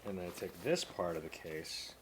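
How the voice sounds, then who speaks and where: A man's voice: low voice, big pitch swings, moderate pace, slight background noise. A man, a comedian, casually narrating his own vlog, muttering and joking at himself while he fiddles with gear in a hotel room. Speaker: comedian and vlogger.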